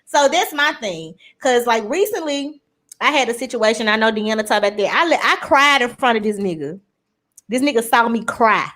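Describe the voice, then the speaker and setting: Podcast lady, bit high voice, tells stories all animated, cusses a lot. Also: normal speed. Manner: animated storytelling, swearing freely. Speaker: podcast co-host. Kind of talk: casual chat.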